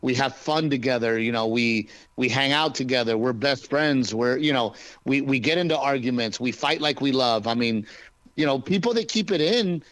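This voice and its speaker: A male stand-up comedian from Texas, chatting casually and joking in an interview, with quick restarts. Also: medium pitch, a bit bright, no room sound.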